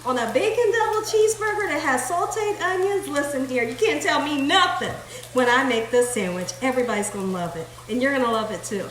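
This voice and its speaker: Woman host, bubbly cooking-show energy, voice sits a bit high, roomy kitchen sound. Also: animated, fairly quick, background noise. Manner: exuberant, talks straight to viewers with exclamations. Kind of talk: home cooking demonstration. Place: home kitchen. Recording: echoey kitchen.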